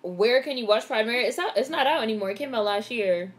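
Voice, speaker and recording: A young woman vlogger giving a casual live movie reaction, excitable and swearing freely as she narrates what happens on screen. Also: a little high, fast.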